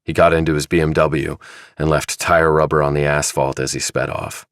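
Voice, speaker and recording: Deep-voiced male thriller narrator. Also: clean tone, dry recording, clean studio sound. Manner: measured, even storytelling. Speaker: audiobook narrator. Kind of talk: scripted narration.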